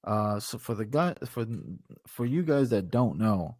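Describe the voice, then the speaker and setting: A man co-hosting a casual wrestling podcast, talking in an animated way, swearing freely and ranting with playful bravado. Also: medium pitch, measured pace, hardly any pauses, no room sound. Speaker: podcast co-host. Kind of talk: casual wrestling reaction chat.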